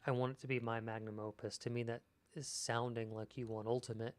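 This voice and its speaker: A man streaming his screenwriting work in casual chat, reading out viewers' messages and answering them thoughtfully. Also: mid-range voice. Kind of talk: casual livestream chat while writing.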